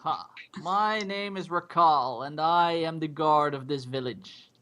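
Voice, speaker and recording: A man's voice: fairly high pitch, slow pace, sharp tone, a little hiss or hum. A man voicing a stern, proud, heavily armored male dwarf guard in a tabletop game, haughty and challenging.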